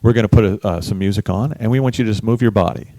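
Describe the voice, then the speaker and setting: A middle-aged man, a bass musician, telling a lively story in a casual interview, acting out the people he quotes. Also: very fast, no room sound. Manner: animated storyteller, acts out quoted voices. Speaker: guest musician.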